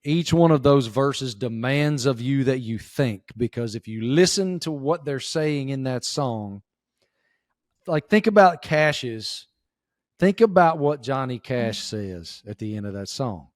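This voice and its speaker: A man with an Appalachian Southern accent, a sports reporter chatting as a guest, telling stories in a folksy, animated way. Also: medium pitch, unhurried, no echo, studio quality. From southwestern Virginia. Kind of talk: casual interview chat.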